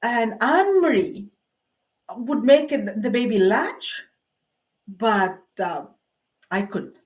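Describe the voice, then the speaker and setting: High-voiced middle-aged woman, rambling anecdotes. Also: lively intonation, slow, a little mellow. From Canada. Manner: meandering, self-mocking, with frequent fillers and laughs. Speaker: vlogger. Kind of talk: rambling personal monologue.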